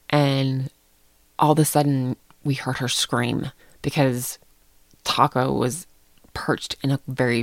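A middle-aged woman telling a story in casual chat, animated and laughing often. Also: a bass voice, no echo.

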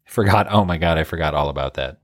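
A man's voice: a bass voice, fast, dry recording, studio quality. A man co-hosting a podcast, chatting in an easygoing, agreeable way and laughing along. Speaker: podcast co-host. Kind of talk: casual podcast chat.

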